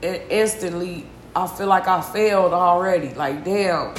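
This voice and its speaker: A distressed, tearful woman hosting a solo confessional podcast, venting slowly and heavily with sighs and a lot of swearing. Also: on the low side, reverberant, a little hiss or hum. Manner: slow, heavy, profane venting with sighs. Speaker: podcast host.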